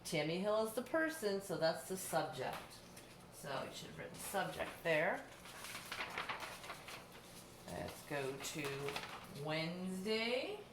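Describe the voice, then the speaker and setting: A woman's voice: lowish voice, sing-song, a little slow. A middle-aged woman teacher giving a distance-learning lesson, patiently explaining step by step with examples. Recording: echoey room, faint background hum.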